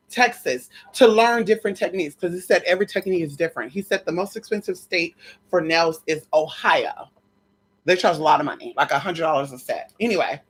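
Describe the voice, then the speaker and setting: A woman's voice: on the low side, slightly rough. A woman vlogger telling a story in casual chat, gossipy, calling listeners girl and honey, swearing and repeating phrases for emphasis.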